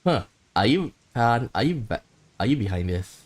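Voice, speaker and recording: A man's voice: mid-range voice, sing-song, normal speed. A man streaming a role-playing game, reading its dialogue aloud and muttering reactive asides.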